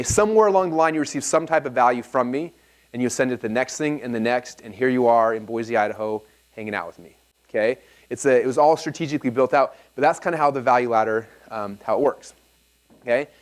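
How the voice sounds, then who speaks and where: A man in his thirties giving an energetic seminar talk, telling anecdotes and acting out both sides of the dialogue. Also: fairly high pitch. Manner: fast, animated storytelling, acts out dialogue. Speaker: speaker at a live seminar.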